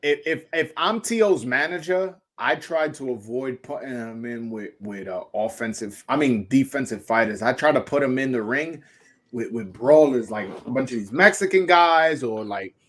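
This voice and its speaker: This podcast host from Brooklyn, New York speaks at a moderate pace in an animated, medium-pitched voice. Hosting a laid-back boxing conversation, he tells stories loudly, brashly and with plenty of profanity.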